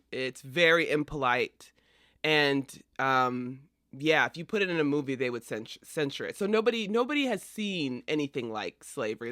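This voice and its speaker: A man's voice: fairly high pitch, no echo, studio quality. Chatty male podcast host telling history. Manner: chatty, animated retelling. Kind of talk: casual storytelling of history.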